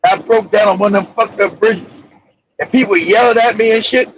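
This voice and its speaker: A man hosting a casual talk show, telling rambling, profane stories with bursts of shouting. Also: high voice, brisk, slight background noise. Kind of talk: casual storytelling chat. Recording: dull lo-fi audio.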